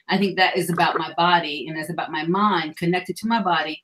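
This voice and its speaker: Frank, earnest middle-aged woman, low voice. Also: fairly even intonation, a little fast, a bit bright, low-quality recording. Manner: frank, sexually explicit, earnest. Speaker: panel guest. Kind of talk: candid panel discussion.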